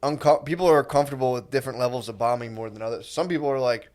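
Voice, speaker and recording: A man's voice: mid-range voice, rapid-fire, darkish tone. Man, podcast chat, dry wry remarks, medium voice. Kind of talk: casual chat.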